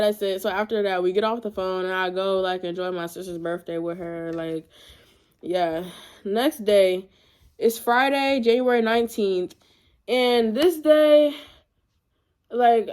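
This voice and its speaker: A young woman in her teens talks straight to camera, telling a long story in a loose, chatty way. She slips quickly into quoted lines and asides, with a mid-pitched voice recorded close up. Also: darkish tone. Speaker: storytime vlogger. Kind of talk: casual storytelling.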